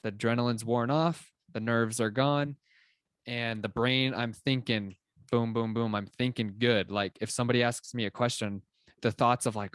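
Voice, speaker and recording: A young adult man co-hosting a podcast, explaining ideas in an animated, casual way with plenty of filler words. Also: mid-range voice, moderate pace, clean tone, no room sound, clean studio sound. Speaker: podcast co-host. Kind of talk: casual conversational chat.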